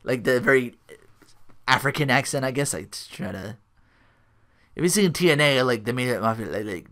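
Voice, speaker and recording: A man's voice: medium pitch, animated, fairly quick, pauses often, bright, forceful tone. A man hosting a solo podcast, recapping a wrestling show in a rambling way full of likes and restarts. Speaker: podcast host.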